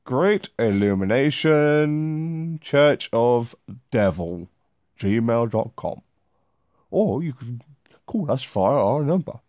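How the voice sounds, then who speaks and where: A man's voice: mid-range voice, lively intonation, slow, pauses often, darkish tone, no room sound. A pompous, posh old man reads with great theatrical flourish, as a man puts him on. His plummy voice swoops up and down, and the sound is dry and close. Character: posh middle-class old man named Edward.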